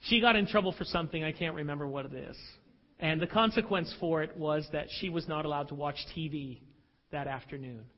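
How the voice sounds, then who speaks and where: A man preaching a sermon, animated and dramatic as he tells stories to a church. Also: on the high side, brisk. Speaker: pastor. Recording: dull audio with long hall reverb.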